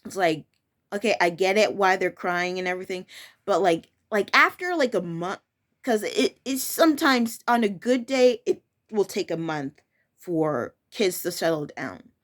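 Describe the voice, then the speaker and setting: A woman's voice: medium pitch, lively intonation, a little slow. A young woman who works as a preschool teacher talks casually and frankly, with a firm tone and many restarts and self-corrections. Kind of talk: casual personal storytelling.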